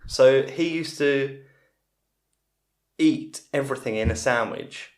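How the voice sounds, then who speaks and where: A man's voice: mid-range voice, slow pace, darkish tone. Rambling man telling stories. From England. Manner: rambling storyteller with frequent restarts. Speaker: comedian guest. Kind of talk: casual anecdotal chat. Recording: roomy echo.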